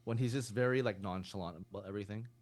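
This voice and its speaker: A man's voice: lowish voice, rapid-fire, a little mellow. A man co-hosting a podcast, rambling in casual chat with many fillers. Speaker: podcast co-host.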